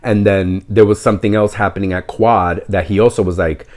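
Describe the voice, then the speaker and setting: A middle-aged man from New tells a personal story in a relaxed monologue. His voice sits on the low side comes through as he rambles candidly with fillers. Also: a little fast. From New York City. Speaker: podcast host.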